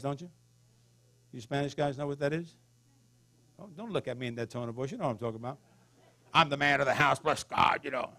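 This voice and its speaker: A man's voice: a little high, gravelly. A middle-aged man preaching a folksy sermon as a pastor, throwing in call-and-response asides to the congregation.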